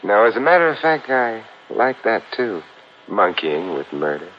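An actor playing a suave, dry-witted detective in a 1940s radio drama, trading wisecracks on a dull old recording with faint hiss. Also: male voice, fairly low pitch, big pitch swings, moderate pace. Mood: wry calm. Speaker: lead detective.

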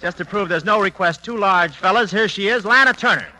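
A man hosting a 1940s radio variety show, tossing out quick wisecracks as emcee. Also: high voice, very noisy.

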